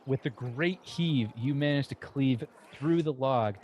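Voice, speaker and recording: A man narrating as game master of a tabletop game, describing scenes haltingly with many fillers. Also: medium pitch, darkish tone, slight background noise. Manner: halting, lots of "uh" and restarts while describing scenes.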